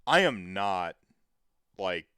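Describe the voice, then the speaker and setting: Low, smooth-voiced podcast host. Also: male voice, sing-song, drawn-out words, bright, forceful tone, dry recording, clean studio sound. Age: 30s. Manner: rambling, full of fillers and swearing. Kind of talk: casual podcast chat.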